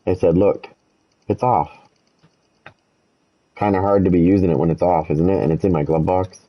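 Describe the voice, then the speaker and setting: A man's voice: low-pitched, normal speed, muffled recording. A man telling a rambling story with plenty of swearing while he plays a game, speaking casually to his viewers. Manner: rambling, animated when quoting himself, swears freely. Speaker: gaming streamer. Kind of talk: casual storytelling over gameplay.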